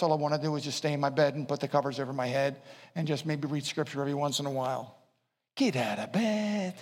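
A man preaching in a large hall. His voice sits high, and the room gives it a long, ringing reverb. He swings from hushed, mumbled impressions of excuses up to loud, shouted exhortation. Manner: animated, swings from quiet asides to shouting; acts out listeners' excuses in a low mumble. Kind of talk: sermon.

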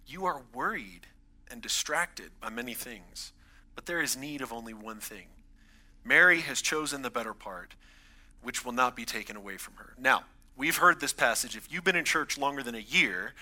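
A man in his thirties preaches a sermon with a very bright, forceful tone. He talks in a conversational way, pressing harder on his key points. His pitch sits in an ordinary middle range for a man. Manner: conversational preaching, builds emphasis on key lines. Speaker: pastor.

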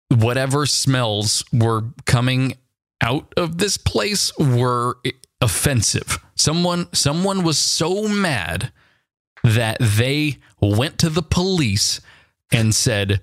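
A podcast co-host in casual chat, teasing and arguing in quick banter. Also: mid-range voice, no room sound.

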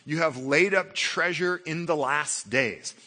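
Bright-voiced preaching man. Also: slow pace. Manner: animated preaching, rising to loud emphasis then dropping low and quiet. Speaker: pastor. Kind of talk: sermon.

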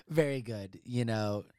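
A man's voice: mid-range voice, darkish tone, clear, resonant tone, dry recording. Profane, rambling man hosting a podcast. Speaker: podcast host. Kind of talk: casual comedic chat. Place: home office.

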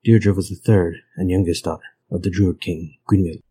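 A man reading a grim old folk tale aloud in a measured, grave manner. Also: sits low, fairly even intonation, dark tone, slightly rough, low-quality recording. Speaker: narrator.

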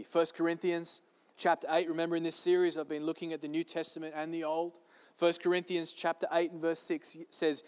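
Man, pastor, sermon, high voice, emphatic, repeats key lines, long hall reverb. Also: flat delivery, fairly quick, smooth.

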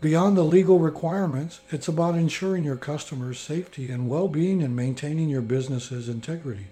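A man reads a training lesson in a steady, instructive way. his voice sits a bit high but sounds mellow and dark. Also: a little fast. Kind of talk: scripted training narration.

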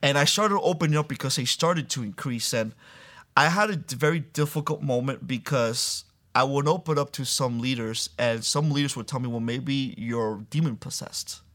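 An earnest young man tells his own story as an interview guest. His voice sits at a middle pitch, and he slips into the voices of the people he quotes. Soft laughs break into his telling. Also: moderate pace. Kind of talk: personal testimony in an interview.

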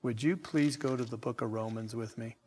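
A middle-aged man preaching a sermon with slow, emphatic delivery and chatty asides to his congregation. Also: mid-range voice, fairly even intonation, dark tone, big-room sound, slight background noise. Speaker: pastor.

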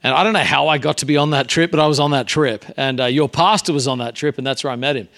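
A man's voice: mid-range voice, quick pace, a bit bright. Male guest preacher, mid-range voice, earnest and conversational, loose delivery with fillers. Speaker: guest pastor. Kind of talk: sermon. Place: church sanctuary.

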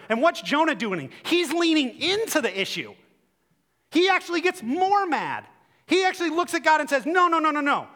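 A man preaching a sermon in an animated way, acting out quotes with a rising voice. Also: sits high. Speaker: pastor. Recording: long hall reverb.

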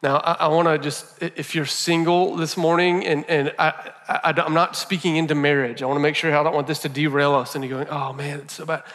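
A man's voice: on the high side, steady tone, a little fast, few pauses, a bit bright, in a large hall. A male pastor preaching a sermon in a conversational way, repeating phrases for emphasis.

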